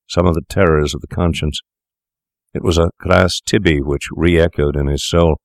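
A man narrating a story aloud in a measured, deliberate storytelling manner. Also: deep voice, darkish tone, no room sound, studio quality. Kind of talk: scripted narration.

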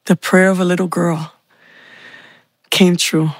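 Woman, personal testimony; unhurried, heartfelt delivery with a gravelly edge. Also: fairly low pitch, little pitch movement, dry recording. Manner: heartfelt, slow storytelling with pauses. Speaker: speaker sharing testimony.

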